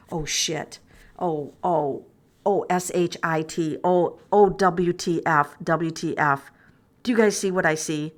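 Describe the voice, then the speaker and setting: A middle-aged woman doing a tarot reading on camera, thinking aloud with exclamations and many fillers. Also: fairly low pitch. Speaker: tarot reader. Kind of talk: casual tarot reading vlog.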